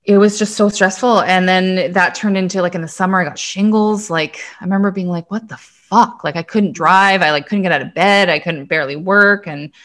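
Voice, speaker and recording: A woman's voice: fairly low pitch, fairly even intonation, a little fast, few pauses, a bit bright. A woman in her thirties from Canada, a podcast guest and intuitive coach telling her own story in a chatty, casual way, swearing freely and saying "like" often.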